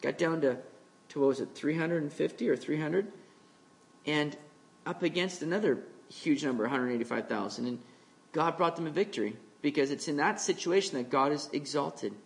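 Conversational male pastor, slightly higher voice. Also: gravelly. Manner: conversational preaching, acts out quoted voices, slows for scripture. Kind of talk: expository sermon.

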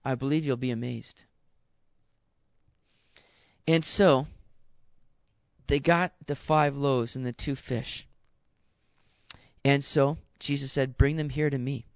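A man's voice: mid-range voice, fairly even intonation, slow pace, gravelly, pauses often, no room sound. A man preaching a sermon in an earnest, exhorting way, talking straight to his listeners. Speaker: pastor. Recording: dull dry sound.

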